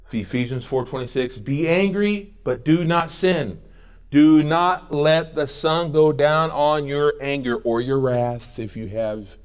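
In a church sanctuary, a middle-aged pastor preaches a sermon with a medium-pitched voice. He's animated and jokey, slipping into quoted voices and snatches of song.

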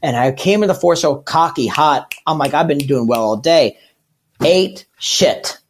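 A man's voice: fairly high pitch, lively intonation, a little slow, slight background noise. A man, a stand-up comedian and podcast guest, talking candidly in a rambling, earnest way with many restarts. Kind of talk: candid casual chat.

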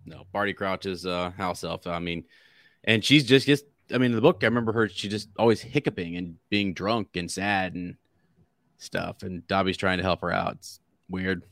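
Brief: deep-voiced male co-host, loose and rambling, dry close mic. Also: moderate pace, fairly bright tone, no room sound. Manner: rambling, with frequent restarts and laughter. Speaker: podcast co-host. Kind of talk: casual book discussion.

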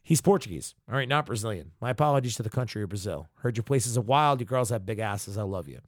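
A man hosting a podcast, ranting with heavy profanity in an animated, mock-outraged way. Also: lowish voice, fast talker, dry recording, studio quality. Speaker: podcast host.

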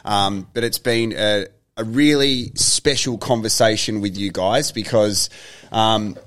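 A man's voice: lowish voice, unhurried, a bit bright. Australian man hosting a podcast. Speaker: podcast host. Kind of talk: casual interview.

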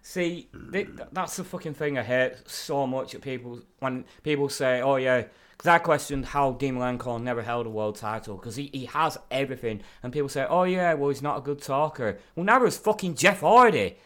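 A man's voice: medium pitch, lively intonation, a little fast, few pauses, sharp tone. Blunt swearing man. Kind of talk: casual chat.

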